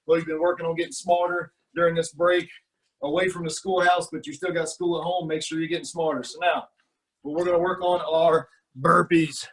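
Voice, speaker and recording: A man coaching a youth golf class over video, talking kids through a lesson and counting out exercises as he does them. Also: on the high side. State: out of breath during burpees. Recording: voice a little distant from the mic.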